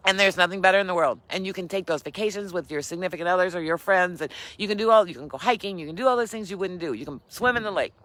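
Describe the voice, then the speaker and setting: A woman's voice: on the low side, quick pace, hardly any pauses, a bit bright, no echo. An older woman and grandmother hosting a casual motivational live stream, repeating her key lines for emphasis and laughing often. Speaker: keto vlogger and host.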